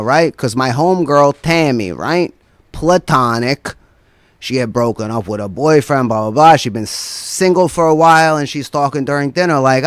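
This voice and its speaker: A man's voice: medium pitch, moderate pace, no room sound. A man performing a stand-up routine as a guest comedian, rambling through a profane story and tossing in constant "right?" asides.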